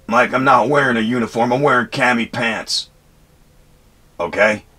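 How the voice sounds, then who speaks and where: A man vents about a run-in in a rambling, heated rant, swearing freely and repeatedly restarting his sentences. His voice has a bright, forward edge with a husky grain. He speaks as a Marine veteran talking straight to his viewers. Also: medium pitch, normal speed. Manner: profane, angry, rambling with restarts and "anyway". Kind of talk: heated personal storytelling rant.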